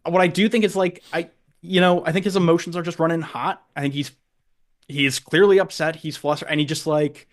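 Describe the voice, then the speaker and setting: A man's voice: a little high, steady tone, a little fast. A man co-hosting a podcast, chatting casually about sports, talking hesitantly with many restarts and fillers while he thinks aloud. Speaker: podcast co-host.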